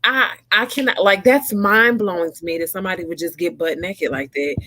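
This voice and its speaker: A woman's voice: fairly low pitch, brisk, sharp tone. A woman co-hosting a casual chat show, blunt and emphatic, often laughing. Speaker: podcast co-host.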